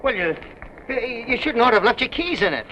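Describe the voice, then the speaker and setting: A man's voice: very high-pitched, big pitch swings, brisk, bright, forceful tone, exaggerated voice. An actor playing a brash used car dealer with slangy salesman patter, in 1930s film acting. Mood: smooth-selling. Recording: dull old film soundtrack with faint hiss.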